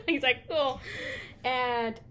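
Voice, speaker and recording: A woman's voice: high-pitched, drawn-out words, fairly bright tone, slight background noise. A young woman co-hosting a podcast, telling candid stories in casual chat and swearing freely. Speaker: podcast co-host.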